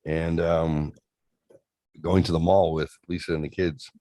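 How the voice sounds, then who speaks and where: Brief: deep-voiced male co-host, blunt, profane storyteller, dry close mic. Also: little pitch movement, measured pace, dark tone, no room sound. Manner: blunt, swears freely, acts out quoted voices. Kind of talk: casual podcast chat.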